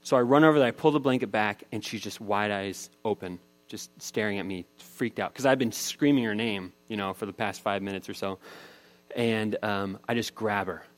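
A man's voice: lowish voice, normal speed. Man in his thirties telling a sermon story. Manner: conversational storytelling, voice rising with the tension of the story. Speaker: pastor.

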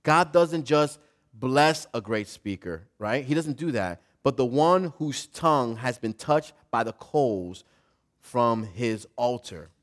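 An older man, a grandfather, preaching a sermon in a lively, conversational way that swings between soft, reflective moments and loud, emphatic stretches. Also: medium pitch, takes it slowly. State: emotional and choked up at times. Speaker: pastor.

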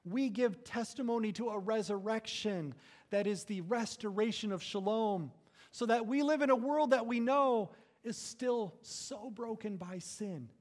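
A man preaching a sermon, building to loud emphatic phrases and then dropping low and quiet. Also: unhurried. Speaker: pastor.

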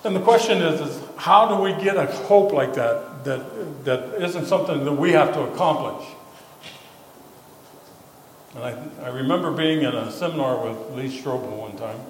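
A male pastor telling a story in a casual, halting sermon full of fillers and repeated words. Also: fairly high pitch, a little hiss or hum. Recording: echoey hall with faint ambience.

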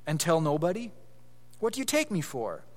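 A man's voice: on the high side, very animated, normal speed, in a large hall. A man voicing an indignant, fierce young schoolgirl in a read-aloud story.

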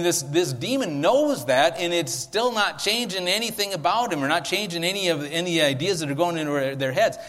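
A man's voice: high-pitched, fairly bright tone, long reverb tail. A man giving a chatty, conversational sermon as pastor, often checking in with his listeners. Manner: chatty, asks listeners "right?". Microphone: handheld or stand mic.

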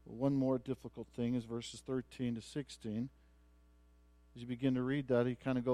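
A man's voice: medium pitch, steady tone, normal speed, darkish tone, no room sound. A man preaching a sermon as pastor, telling a story with many restarts and building to emphatic points.

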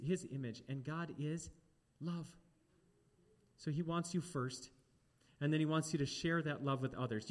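A man delivers a sermon in a fairly high voice. He is animated, and he keeps turning to the congregation with questions and asides. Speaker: preacher.

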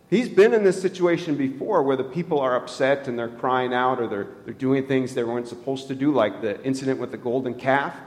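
A man pastor giving a conversational sermon in a church, asking the congregation questions and chuckling at his own jokes. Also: medium pitch. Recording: long hall reverb.

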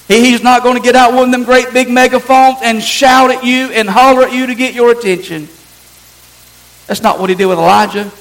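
Very high-voiced male pastor preaching. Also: fairly bright tone, rough recording. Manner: earnest, emphatic preaching with repetition. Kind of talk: sermon.

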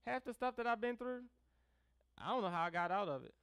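Lively preacher, close dry sound. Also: medium pitch, a little fast, clear, resonant tone, no room sound. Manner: conversational preaching with frequent "right?" check-ins; animated, leans hard on key words. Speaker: pastor. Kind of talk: sermon.

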